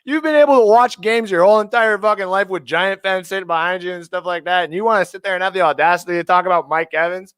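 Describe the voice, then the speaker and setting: A man's voice: high voice, steady tone, quick pace, hardly any pauses, a bit bright, clear, resonant tone, no echo, clean studio sound. A man hosting a fantasy football show, ranting emotionally and swearing freely as he gives his picks. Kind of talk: live sports talk stream.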